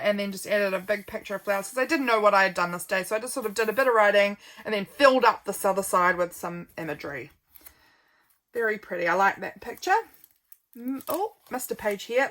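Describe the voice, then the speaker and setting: A woman's voice: medium pitch, a bit bright. A young woman with a New Zealand accent chatting casually through her journal pages, rambling with lots of ums and easy laughs. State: a little yawny. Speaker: journal vlogger.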